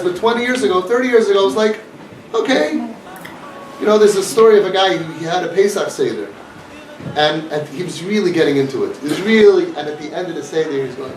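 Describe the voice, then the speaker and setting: Before a live crowd, a community organization's speaker talks with passion in a high-pitched voice, weaving Yiddish and Hebrew words into his English. He's recorded from afar in a room with echo and slight background noise.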